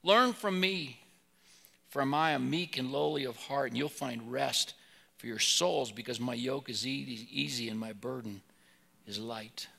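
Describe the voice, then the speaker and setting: A man preaching a sermon, telling Bible stories and swinging between loud emphasis and soft asides. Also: medium pitch, fairly even intonation, normal speed, gravelly. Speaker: pastor.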